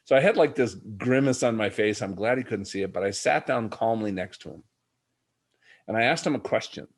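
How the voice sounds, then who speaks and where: Middle-aged male podcast guest, low-ish voice, earnest reflective storyteller. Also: brisk. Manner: earnest, reflective, addresses the host by name. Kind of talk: personal storytelling in a podcast interview.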